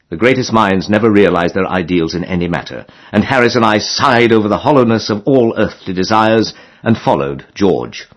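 A man's voice: on the low side, lively intonation, normal speed. A man narrating a comic novel as an audiobook, in a wry storytelling manner.

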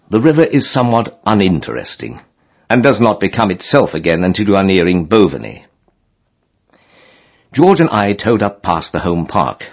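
Low, husky-voiced male storyteller. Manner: wry, storytelling. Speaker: narrator. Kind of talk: audiobook narration of a comic novel.

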